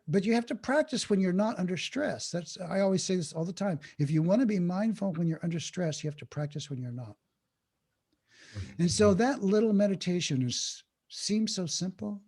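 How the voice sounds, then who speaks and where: A man, a podcast guest, explaining mindfulness in an animated way and acting out inner thoughts. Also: on the high side, slightly rough. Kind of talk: podcast interview talk.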